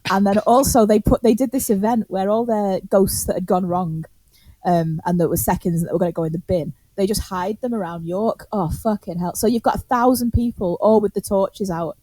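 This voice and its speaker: A woman's voice: mid-range voice, moderate pace, warm tone, no echo. A woman tells a story on a podcast in casual chat. She laughs often, swears freely and acts out the quotes. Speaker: podcast co-host.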